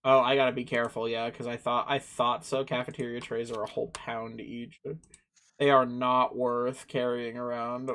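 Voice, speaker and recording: A man's voice: medium pitch, level tone, normal speed, fairly bright tone, clean tone. A man playing in a tabletop game, chatting casually and joking. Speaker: player. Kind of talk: casual tabletop play chat.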